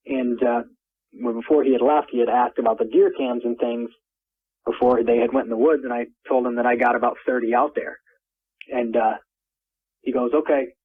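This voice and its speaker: A man's voice: mid-range voice, fairly even intonation, normal speed, husky. A man telling his own encounter story as a phone caller, rambling and repeating words, his voice rising when he gets worked up. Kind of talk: first-person story told over the phone. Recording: tinny phone line.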